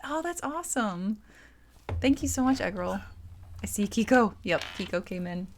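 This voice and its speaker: A woman's voice: mid-range voice, lively intonation, moderate pace, a little hiss or hum. Chatty woman streaming a game. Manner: chatty, laughs often. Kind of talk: casual let's-play chat, reading game dialogue aloud.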